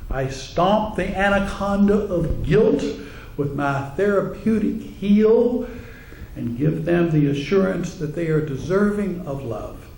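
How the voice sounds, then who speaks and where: Man speaker, high tenor, unhurried, wry stories to the room, echoey hall. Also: gravelly, dark tone, slight background noise. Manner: wry storytelling with audience asides. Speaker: psychotherapist and speaker. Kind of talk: humorous talk to a congregation.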